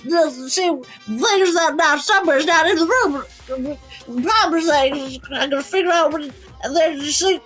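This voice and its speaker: A tipsy young woman stuck in a drunk tank, rambling in a high, slurred voice, as a woman puts her on. She strings broken phrases together without ever making sense, and faint music plays behind her. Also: normal speed, fairly bright tone. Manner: slurred, incoherent babbling.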